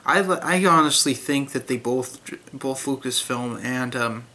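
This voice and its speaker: A man's voice: mid-range voice, unhurried, pushed and bright. A young man giving a blunt, critical spoken book review in a casual way, with many fillers and restarts.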